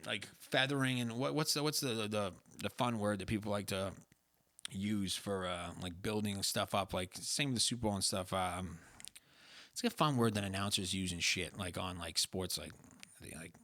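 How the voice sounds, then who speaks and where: A man's voice: lowish voice, moderate pace, bright, forceful tone, no echo. A young man co-hosting a podcast, talking in a blunt, exasperated way and swearing freely. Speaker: podcast co-host. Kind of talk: casual chat.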